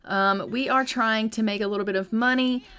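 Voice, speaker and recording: A woman's voice: fairly high pitch, fairly even intonation, normal speed, fairly bright tone, clear, resonant tone. A woman giving casual, chatty commentary over a life-simulation game, upbeat with frequent "um" fillers. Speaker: gaming channel host. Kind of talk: casual let's-play commentary.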